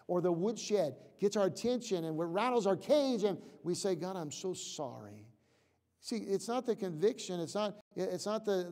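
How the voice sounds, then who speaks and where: High, gravelly-voiced preacher man. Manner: preaching with repetitions and acted prayers; drops to a hush for prayers, rises loud when driving a point. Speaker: pastor. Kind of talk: sermon. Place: church sanctuary. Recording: reverberant church hall.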